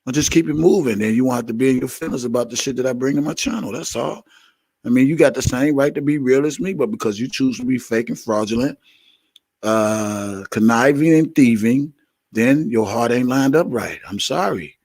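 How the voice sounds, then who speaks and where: A man's voice: mid-range voice, a little fast, a little mellow. A man hosting a live commentary stream, blunt and profane, speaking straight to his viewers and checking his mic. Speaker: YouTube commentary blogger and host.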